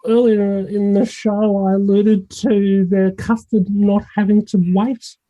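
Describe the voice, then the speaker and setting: A woman's voice: medium pitch, flat delivery, slow pace, mellow, dull audio. An Australian woman guest on a video call, joking and easygoing, with frequent ums. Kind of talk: casual livestream chat.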